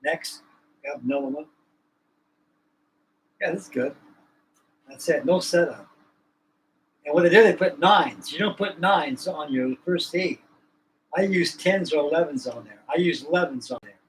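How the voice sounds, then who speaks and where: A man's voice: a little high, moderate pace, low-quality recording. A man with a slightly raised voice chats casually as the host of a livestream. His talk is folksy and colloquial, and he drifts from one point to the next. Faint ambient noise sits under the voice. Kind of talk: casual chat.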